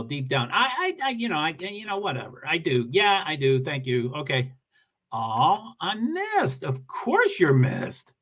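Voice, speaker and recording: A man runs a casual solo livestream from home, reading out viewer comments in a rambling, self-deprecating manner. His voice is on the high side and fairly bright.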